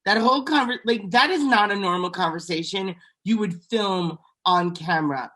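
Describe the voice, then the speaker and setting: A young woman on a podcast, gossiping about reality TV in a blunt, animated way. She jumps between her own opinions and quick impressions of other people. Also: mid-range voice. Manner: blunt, animated, quotes people in put-on voices. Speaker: podcast co-host. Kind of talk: casual reality TV gossip chat.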